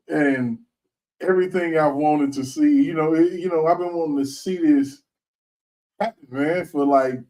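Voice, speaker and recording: A man hosts a loose commentary chat, slangy and emphatic, breaking into laughter often. His voice sits a little high, and he sounds somewhat distant from the mic. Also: a little mellow. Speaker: host.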